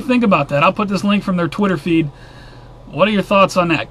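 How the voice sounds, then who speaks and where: High bright-voiced man reading news with sarcasm. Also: a little fast. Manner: sarcastic, blunt asides between headlines. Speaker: host of a weekly news roundup. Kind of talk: casual news commentary.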